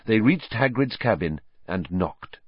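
A man narrating a storybook in an expressive, varied reading. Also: lowish voice, unhurried, slightly rough, no echo. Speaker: audiobook narrator. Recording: dry, slightly muffled recording.

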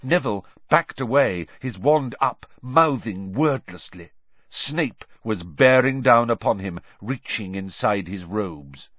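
A man's voice: fairly low pitch, takes it slowly, no echo, muffled recording. Man narrating a storybook dramatically. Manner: animated, dramatic reading. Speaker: audiobook narrator.

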